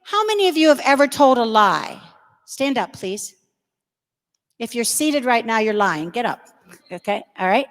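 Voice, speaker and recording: A woman's voice: on the high side, very animated, normal speed, pauses often. A middle-aged woman giving a direct, storytelling talk to confirmation students in a large church, speaking straight to the crowd. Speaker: religious education speaker. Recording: reverberant church hall.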